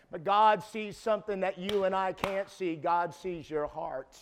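A man around sixty preaching a sermon, emphatic, repeating his words and building to shouted peaks. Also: sits high, normal speed, few pauses, lo-fi sound.

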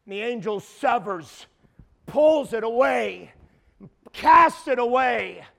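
Brief: man around 60, preacher, high-pitched, stammering repeats, builds to shouts. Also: animated, slow pace, gravelly. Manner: emphatic, repeats words, rises to shouting peaks. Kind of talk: sermon.

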